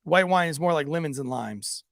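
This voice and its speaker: A man, a former police officer, co-hosting a podcast and telling profane, animated stories in casual chat. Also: fairly high pitch, normal speed, creaky, no echo, studio quality.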